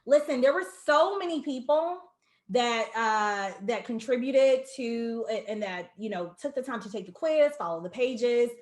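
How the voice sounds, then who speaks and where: A woman's voice: on the high side, measured pace, roomy sound. A woman hosting an online launch party over a video call, effusive and emotional, greeting viewers by name.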